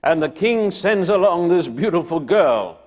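A man preaching a sermon, retelling a Bible story dramatically, dropping to a hush and then rising loud again. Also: on the high side, sing-song, unhurried.

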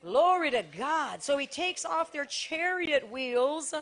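A woman's voice: high-pitched, lively intonation, slow, fairly bright tone. A woman preaching a sermon with fervor, repeating phrases over and over for emphasis.

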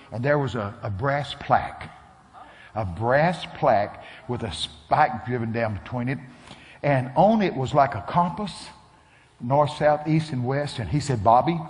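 A man preaching a sermon, telling stories with animated delivery and shouting his punchlines. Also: medium pitch, unhurried. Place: church sanctuary. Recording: long hall reverb.

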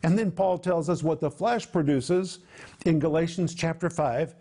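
Emphatic male Bible teacher, raised pitch. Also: mellow. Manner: emphatic, slows down to stress key words.

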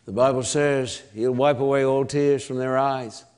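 A man with an Australian accent preaching a sermon, emphatic and repetitive, with long pauses between phrases. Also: mid-range voice, fairly even intonation, a little mellow, smooth.

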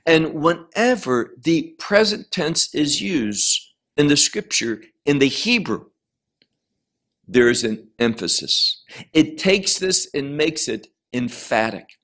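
A man teaches a Bible lesson in a slightly high, very lively voice that swoops up and down. He speaks slowly and leans hard on key words. He often restarts a phrase and repeats words to make his meaning plain. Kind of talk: Bible lecture.

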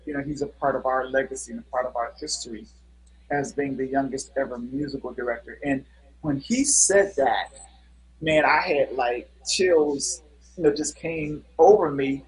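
A man's voice: medium pitch, fairly even intonation, moderate pace, low-quality recording. A middle-aged man, a guest musician, telling stories in a casual interview with an earnest manner and many fillers.

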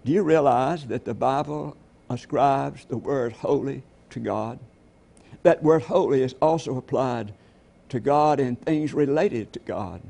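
A man's voice: medium pitch, measured pace, vocal fry, mellow. A man preaching a sermon as pastor, telling stories and asking the congregation rhetorical questions.

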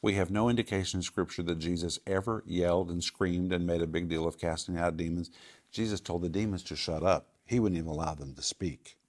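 A man answering viewer questions on a faith talk show, explaining in a calm, confident teaching manner. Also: low voice. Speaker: Bible teacher.

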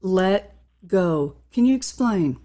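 Woman host, measured, slow-paced interview questions. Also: medium pitch, expressive, warm tone. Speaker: talk show host.

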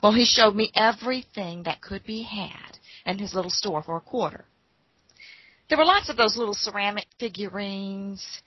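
Husky woman telling a folksy story. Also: medium pitch, moderate pace, no room sound, highs cut off. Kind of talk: told personal story.

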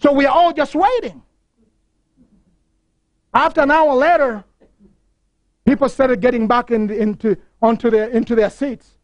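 High-voiced male preacher, impassioned. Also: steady tone, a little slow, pauses often, no echo. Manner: impassioned storytelling with repeated phrases. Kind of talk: sermon.

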